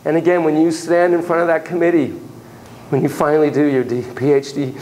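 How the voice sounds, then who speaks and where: A man's voice: on the high side, fairly even intonation, a little fast, noisy background. A man lecturing a class on psychotherapy, telling a story theatrically with gasps, laughs and sudden drops to a whisper.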